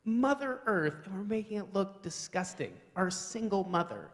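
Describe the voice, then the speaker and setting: A man's voice: sits high, sing-song, normal speed. A man doing live stand-up comedy in a wry, rambling, self-mocking way, at a live event hall.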